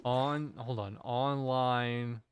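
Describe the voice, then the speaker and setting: A man's voice: mid-range voice, steady tone, drawn-out words, clear, resonant tone. A man streaming a game, chatting casually to his viewers, musing aloud in a rambling way and often cutting himself off mid-thought. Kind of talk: casual live-stream chat while gaming.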